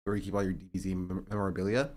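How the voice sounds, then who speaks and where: A young man streaming live, chatting casually and joking sarcastically, and he sometimes rises into an animated rant. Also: low-pitched, very fast. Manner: joking and sarcastic, reading chat aloud; rising to animated ranting. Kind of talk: casual livestream chat.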